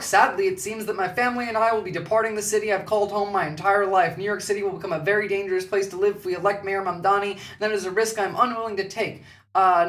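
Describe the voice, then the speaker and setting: A man's voice: sits high, fairly bright tone. An Australian man doing casual live commentary, swearing often and filling his talk with "uh" and "um". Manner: casual, profane, filler-heavy. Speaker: streamer reacting to clips. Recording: distant mic in an echoey room.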